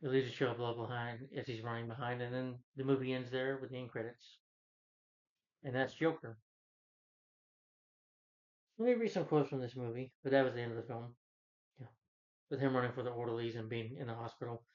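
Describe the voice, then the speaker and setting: A man talks through a film's plot in a loose, rambling way, leaning on fillers as he goes. His voice sits at an ordinary middle pitch. The recording is a little dull and lo-fi. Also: steady tone, fairly quick, long pauses, a little mellow. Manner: rambling plot recap, frequent fillers like "he's like". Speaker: movie reviewer. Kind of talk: casual spoken film review.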